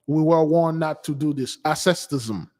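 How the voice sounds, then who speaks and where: A man's voice: a little high, normal speed, a little mellow. Male preacher, sermon style, stumbling restarts, long reverb behind him. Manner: repetitive, stumbling restarts, exhorting.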